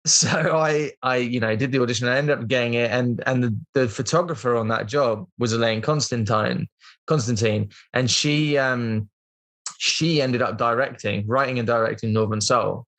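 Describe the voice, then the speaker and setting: A man from Britain in his thirties, sitting as a podcast guest. His voice sits at an ordinary middle pitch. He tells a long anecdote casually, full of fillers and restarts. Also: moderate pace, fairly bright tone. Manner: rambling, chatty, lots of "like" and "um" fillers. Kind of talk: casual storytelling interview.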